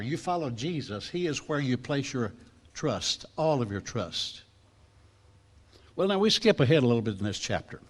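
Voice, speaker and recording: A man preaching a sermon to a class, telling stories and acting out the voices in the quotes. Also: medium pitch. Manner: lively storytelling preacher, acts out voices in quotes.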